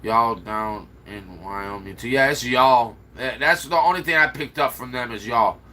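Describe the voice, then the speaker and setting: A man's voice: medium pitch, unhurried, pushed and bright. A man with a slight Chicago accent, rambling and answering viewer comments aloud in a casual livestream chat. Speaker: livestream host.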